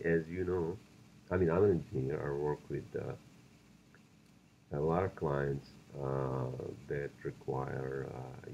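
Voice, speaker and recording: Deep gravelly man ranting on a podcast. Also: warm tone, dull audio, slight background noise. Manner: profane, ranting, blunt. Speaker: podcast host. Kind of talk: solo podcast rant.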